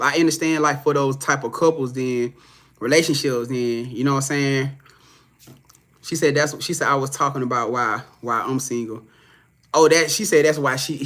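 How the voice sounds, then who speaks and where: A young man with a medium-pitched, fairly bright voice chats casually on a live stream as a psychic reader. He is loose and profane, rambling with many restarts as he reads viewers' comments aloud.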